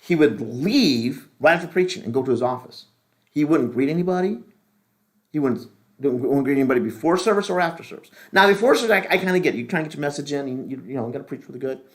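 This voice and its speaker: A man's voice: fairly high pitch, expressive, quick pace. A middle-aged man, a pastor, teaching a leadership class in a casual, rambling, joking way with many restarts.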